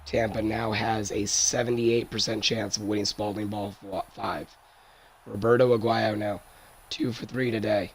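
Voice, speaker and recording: A hoarse young man doing play-by-play commentary of a football game, his worn-out voice jumping high on big plays. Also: flat delivery, normal speed. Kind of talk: solo sports commentary over a video game.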